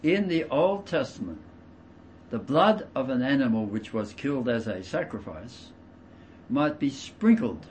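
A man preaching a verse-by-verse sermon. He stresses key words loudly, drops into quiet asides, and explains with everyday examples. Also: medium pitch, slight background noise. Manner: emphatic, swings between loud stresses and quiet asides. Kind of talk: expository sermon.

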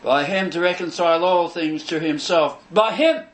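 A man preaching a sermon, emphatic and declamatory, repeating phrases for stress and pausing between them. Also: fairly high pitch, fairly even intonation, poor audio. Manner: measured, declamatory delivery with pauses between phrases.

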